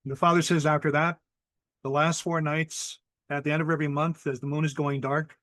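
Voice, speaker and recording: Brief: male storyteller from Hawaii, slightly high voice, measured and vivid ghost-story delivery on a dry video call mic. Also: level tone, fairly bright tone, no echo. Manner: measured, vivid, acts out quoted people.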